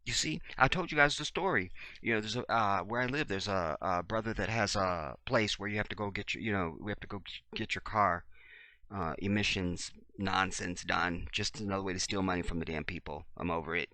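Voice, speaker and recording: Man, casual monologue, acts out dialogue, bright forceful tone, dry close sound. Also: sits low, brisk, no echo. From Chicago, USA. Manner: animated storyteller, acts out dialogue, swings loud and soft. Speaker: video blogger.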